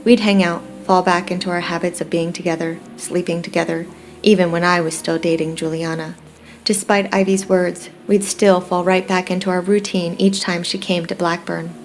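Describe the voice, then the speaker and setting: A woman with a low voice reads a first-person romance audiobook, steady and reflective. A faint hiss sits under her narration. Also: normal speed.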